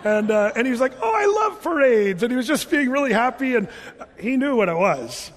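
A man preaching a sermon as a pastor, chatty and animated, sometimes chanting scripture lines. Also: very high voice, fairly quick. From Oregon. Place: church hall. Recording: reverberant church hall.

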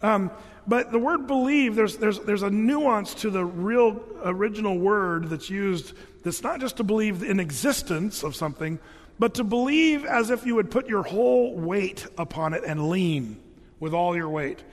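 A man's voice: high voice, animated, normal speed, in a large hall. A man preaching a sermon, explaining scripture in a casual, joking way with playful asides. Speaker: pastor.

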